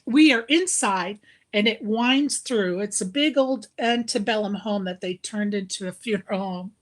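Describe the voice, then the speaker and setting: A woman's voice: on the high side, a bit bright. A woman telling a story in casual chat, laughing often as she talks. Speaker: live stream co-host.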